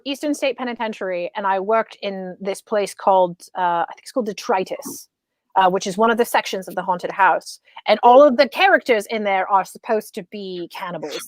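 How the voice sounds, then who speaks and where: A woman's voice: mid-range voice, a bit bright, dry recording. A young woman chatting casually as a podcast co-host, telling stories with lots of fillers and restarts. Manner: rambling storyteller with many fillers and restarts. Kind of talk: casual chat.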